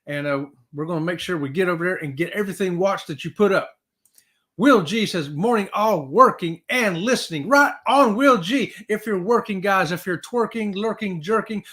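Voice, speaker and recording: Male livestream host with a high voice; upbeat, chatty, reads viewer comments aloud. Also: fairly bright tone. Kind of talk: casual livestream chat.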